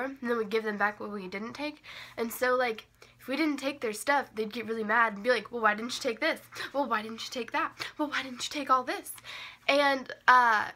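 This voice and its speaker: Bright, chatty young woman vlogger. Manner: chatty, heavy use of "like" and "um" fillers; animated, jumps up in pitch for emphasis. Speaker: vlogger telling a story. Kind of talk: casual storytime chat.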